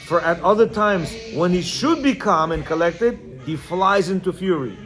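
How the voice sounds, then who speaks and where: A man's voice: sits high, lively intonation, moderate pace, a bit bright, faint music behind. A man teaching a religious class, reading from a book and explaining each passage in plain words and checking in with his listeners. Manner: talks in bursts with many restarts.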